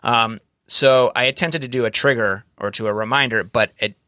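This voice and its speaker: A podcast co-host with a medium-pitched, pushed and bright voice chats casually at normal speed. He rambles and corrects himself, candid and swearing now and then, in a studio-quality recording with no room sound.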